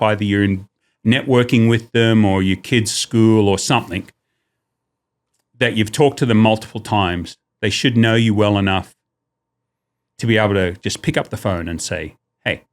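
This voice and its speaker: A man talking casually as a returning podcast guest, joking and working through examples with shifting emphasis. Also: medium pitch. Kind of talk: casual chat.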